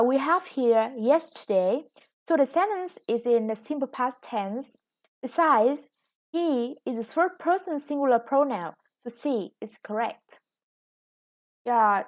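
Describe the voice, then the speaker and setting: Teaching an online English lesson, a woman with a Vietnamese accent explains things step by step, often saying "yeah" and "okay." Her pitch is fairly high.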